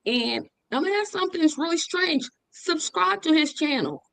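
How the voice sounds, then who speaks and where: A woman's voice: high voice, lively intonation, normal speed, creaky, bright, forceful tone, no echo, rough recording. A woman giving an earnest, faith-filled memorial tribute over a video call, with a touch of humor. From living in Indianapolis. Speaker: memorial speaker.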